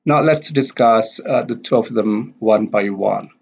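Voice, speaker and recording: A man explaining a language lesson slowly and deliberately, repeating example words. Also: on the low side, vocal fry, husky. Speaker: language teacher. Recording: dull lo-fi recording.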